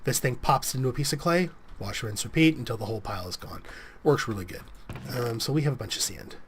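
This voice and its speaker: A man's voice: mid-range voice, lively intonation, fast, slight background noise. A man giving casual, rambling gameplay commentary as a let's play host, a bit sniffly with a cold coming on. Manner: rambling, self-correcting, chatty.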